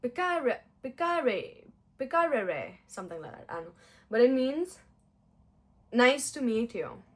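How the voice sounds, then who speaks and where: A woman's voice: fairly high pitch, animated, moderate pace, long pauses, a little mellow. A young woman chatting casually on her vlog while doing her makeup, giggly and self-mocking. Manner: chatty, giggly, self-mocking, with playful mock-Italian put-on phrases. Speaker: vlogger.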